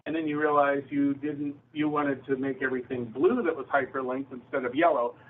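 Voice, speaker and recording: A man organizing a user group meeting, explaining software tips in a clear, advisory way with examples. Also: medium pitch, steady tone, a little fast. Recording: tinny phone-like recording.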